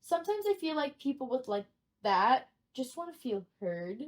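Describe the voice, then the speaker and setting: Lively, high-voiced woman chatting. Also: normal speed. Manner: animated storyteller, acts out quotes. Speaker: host. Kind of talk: casual chat.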